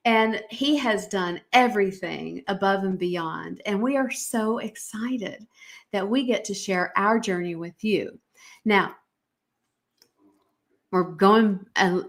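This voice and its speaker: A woman's voice: mid-range voice, fairly bright tone. A middle-aged woman from the United States hosting a live-stream podcast, talking in an emphatic, motivational way and greeting viewers. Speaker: podcast host.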